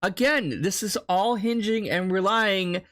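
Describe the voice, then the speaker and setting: A man's voice: sits high, a little slow, fairly bright tone. A man doing casual reaction commentary, mocking and heckling another streamer with lots of swearing.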